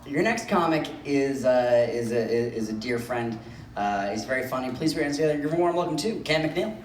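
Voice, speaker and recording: A man's voice: mid-range voice, expressive, normal speed, noisy background. A man hosting a stand-up comedy show, self-deprecating and laughing between lines, recorded in a club. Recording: echoey club from a distance, audience.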